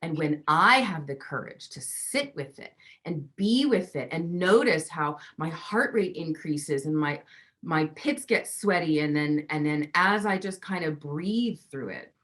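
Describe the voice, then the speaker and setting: A woman's voice: deep voice, expressive, measured pace, fairly bright tone. A woman coach being interviewed, talking emphatically and acting out the voices in people's heads. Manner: emphatic, acts out inner voices. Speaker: relationship coach guest. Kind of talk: teaching interview talk.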